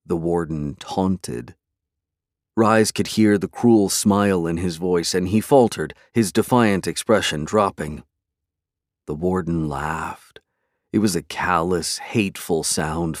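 A man giving measured, dramatic scripted narration of a dark fantasy story as an audiobook narrator. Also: sits low, dry recording, studio quality.

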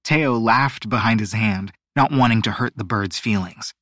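A man narrating a storybook audiobook, expressive and measured. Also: fairly low pitch, dry recording, clean studio sound. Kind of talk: scripted narration.

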